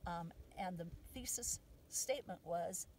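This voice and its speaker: A woman teaching a family practice in a casual way, saying the affirmations out loud with emphasis while outdoors on a sand dune. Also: on the low side, measured pace, recorded from a distance, noisy background. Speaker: mother teaching the medicine wheel.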